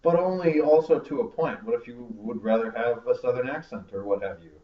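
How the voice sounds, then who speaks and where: A man's voice: mid-range voice, a little fast. A man co-hosting a casual podcast discussion, joking sarcastically and swearing freely. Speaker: podcast co-host. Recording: roomy, distant lo-fi home recording.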